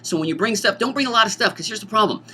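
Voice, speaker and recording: Lively, jokey male teacher. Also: high-pitched, very fast, a little hiss or hum. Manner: animated, jokey, acts out student voices. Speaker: teacher organizing a school dance. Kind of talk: informational talk to students.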